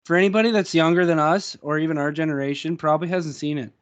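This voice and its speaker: Casual higher-pitched man co-hosting. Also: fairly even intonation, quick pace, clear, resonant tone, muffled recording. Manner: laid-back, swears a lot, laughs easily. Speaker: podcast co-host. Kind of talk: casual chat.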